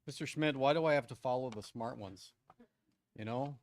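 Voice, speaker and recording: A man's voice: mid-range voice, normal speed. A man in his fifties, a longtime teacher and coach, giving a joking, self-deprecating acceptance speech at a school ceremony, with plenty of ums and restarts.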